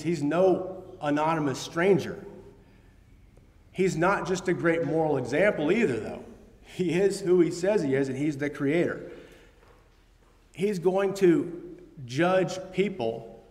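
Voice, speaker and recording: A man's voice: fairly high pitch, darkish tone. A man preaching a sermon, earnest and quoting scripture, with emphatic bursts. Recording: long hall reverb.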